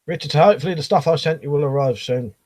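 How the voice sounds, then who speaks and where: Middle-aged male streamer, loose rambling chat with casual swearing, fairly high voice. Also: quick pace, a little mellow. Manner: rambling, swears casually, reads comments aloud.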